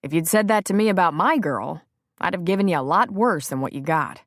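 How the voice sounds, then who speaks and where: A woman's voice: fairly low pitch, animated, fairly quick, no echo, clean studio sound. A woman doing a blunt country school principal. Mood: stern. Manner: blunt, firm. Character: stern middle-aged male country school principal.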